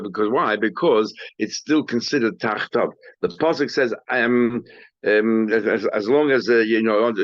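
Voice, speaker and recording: A man's voice: mid-range voice, dry recording. A man teaching a class as a rabbi, explaining a text with frequent restarts and repeated words, recorded dry and dull.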